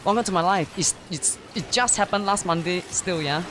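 Earnest man, late thirties, Asian-accented English, halting delivery, noisy voice chat. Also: high-pitched, fairly bright tone. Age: 30s. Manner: earnest, halting, restarts often. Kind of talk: casual chat between gamers.

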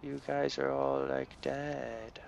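A man's voice: medium pitch, big pitch swings, slow, vocal fry, slight background noise. A young man giving casual gameplay commentary, goofing around and trash-talking game characters. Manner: goofy, playful trash talk to game characters. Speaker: let's play gamer. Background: game music and gunfire.

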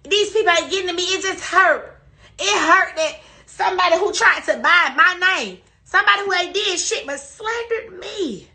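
A woman's voice: very high-pitched, normal speed, pushed and bright. A woman on a livestream, talking emphatically and with plenty of profanity, repeating her denials over and over. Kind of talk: emotional livestream rant.

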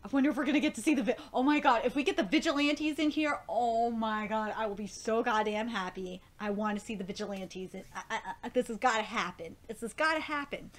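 A woman hosting a live reaction video, reading comic dialogue aloud between excited, gushing comments and casual swearing. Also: on the high side, brisk, few pauses. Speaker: manga reaction host.

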